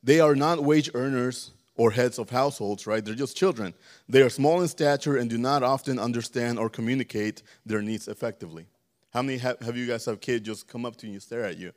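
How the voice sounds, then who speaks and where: A man's voice: medium pitch, brisk. A man preaching a casual sermon in a church, often stammering, repeating words and checking in with the congregation. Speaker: preacher teaching a church service. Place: church sanctuary.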